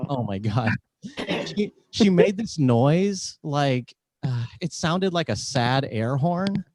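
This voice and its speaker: Animated self-mocking male comedian. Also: on the high side, slow. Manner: wry, self-mocking, acts out deadpan quotes. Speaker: stand-up comedian. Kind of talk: clean stand-up set on a video call. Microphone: video call.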